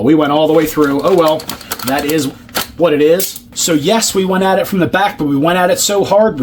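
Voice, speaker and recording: Sarcastic guy tasting old food on camera, cusses a lot, kinda high voice, mouth full half the time. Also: slight background noise. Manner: joking and sarcastic, swears casually; chews and hums with his mouth full. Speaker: ration review vlogger. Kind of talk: casual food-tasting vlog.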